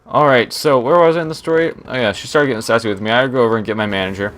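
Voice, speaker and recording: A man's voice: mid-range voice, racing, fairly bright tone, a little hiss or hum. A young man telling a rambling work story while playing a shooter game, often breaking off to react to the match. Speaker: gaming storyteller. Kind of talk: story time over gameplay commentary.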